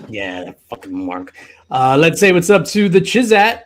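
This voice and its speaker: Joking man hosting a lively chat. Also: a little high, normal speed. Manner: loose, joking, swears freely. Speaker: podcast host. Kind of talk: casual live-stream chat.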